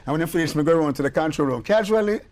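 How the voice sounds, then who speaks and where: A man's voice: a little high, very fast, a little hiss or hum. An older man with a Jamaican accent, a musician telling stories in a casual interview, acting out the voices in his tales. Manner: animated storyteller, acts out quoted dialogue. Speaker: guest musician and producer.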